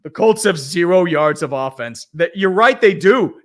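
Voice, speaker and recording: A man's voice: sits high, normal speed. A man streaming a live football game, calling plays as a fan, swearing, laughing and reading chat. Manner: excitable, swears, laughs, shouts at big plays. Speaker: streamer doing live play-by-play.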